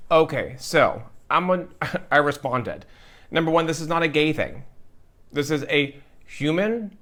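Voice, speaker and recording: Earnest man, fairly high voice. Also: a bit bright. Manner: earnest, emotional, repeats phrases for emphasis. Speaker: host. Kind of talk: heartfelt direct-to-camera talk.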